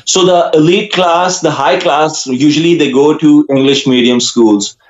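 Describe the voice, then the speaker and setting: A man with a Pakistani accent and Urdu as his first language talks through his answers in an earnest, halting way with plenty of fillers. His voice sits a touch high, and it sounds roomy and a little dull, like a lo-fi recording. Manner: earnest, hesitant with frequent uh fillers. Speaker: musician guest. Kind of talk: casual interview answers.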